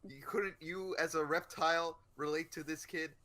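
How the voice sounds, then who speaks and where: Bright-voiced earnest man podcast co-host. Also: a little high, steady tone, normal speed. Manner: earnest, musing, speaks in long run-on thoughts. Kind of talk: casual chat.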